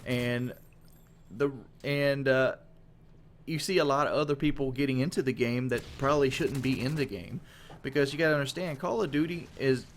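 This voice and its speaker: A man's voice: mid-range voice, steady tone, moderate pace. Frank, rambling gaming commentator man. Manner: rambling, frank, with casual swearing. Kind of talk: casual monologue commentary.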